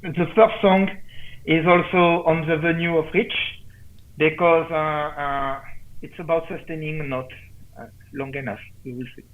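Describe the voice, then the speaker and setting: A male guest heard over a tinny, phone-like video call line, speaking haltingly and pausing often. His voice sits a little higher than most men's. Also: fairly even intonation. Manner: halting, many hesitations.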